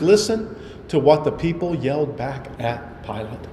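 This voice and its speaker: A man's voice: mid-range voice, lively intonation, a little slow, warm tone, a little hiss or hum. A male pastor preaching a sermon, emphatic and full of repeated rhetorical questions. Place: church sanctuary. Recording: echoey hall with faint ambience.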